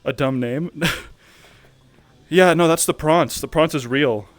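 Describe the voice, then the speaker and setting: A man's voice: a little high, takes it slowly, dry recording. A man playing in a tabletop game, chatting casually and joking with the others. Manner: loose and joking, shouts at times. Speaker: player.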